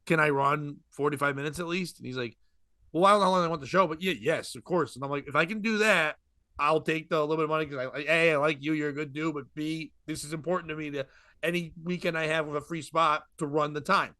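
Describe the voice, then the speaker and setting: Man, comedian, rambling casual storytelling, bright tense tone, fairly high voice, dry close sound. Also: no echo. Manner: rambling, animated, quick asides and laughs. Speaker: podcast co-host, comedian.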